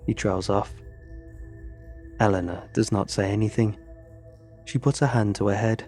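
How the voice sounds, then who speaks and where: A man's voice: fairly low pitch, moderate pace, a little mellow, faint music behind. A man narrating a first-person horror story in an earnest, tense way.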